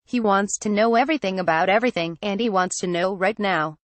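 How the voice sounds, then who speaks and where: Woman, memoir narration, measured even delivery, mid-pitched, dry close sound. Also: no echo. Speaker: narrator reading a memoir excerpt. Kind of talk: steady read-aloud narration.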